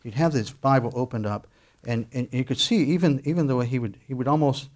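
Middle-aged male pastor, mid-pitched, casual sermon delivery with emphatic peaks. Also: a little fast. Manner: conversational, with bursts of emphasis and many restarts.

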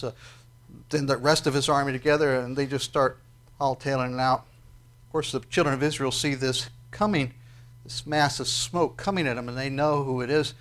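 A man's voice: mid-range voice, a bit bright. A man preaching a sermon in a conversational way, often asking his listeners questions. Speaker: pastor.

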